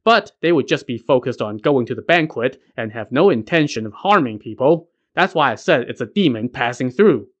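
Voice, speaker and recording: A man voicing a brash, quick-talking monkey king who explains things with confident swagger. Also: mid-range voice, expressive, fairly bright tone, highs cut off.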